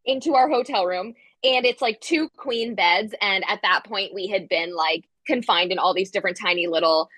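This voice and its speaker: A woman telling a story in casual podcast chat, animated and full of "like" fillers, acting out the quotes. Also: mid-range voice, normal speed, few pauses, no echo. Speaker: guest storyteller.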